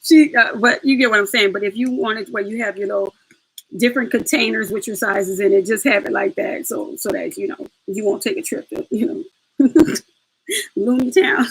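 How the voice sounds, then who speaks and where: A woman's voice: mid-range voice, normal speed, slight background noise, low-quality recording. A woman hosting a casual step-by-step craft tutorial, chatty and laughing as she talks to her viewers.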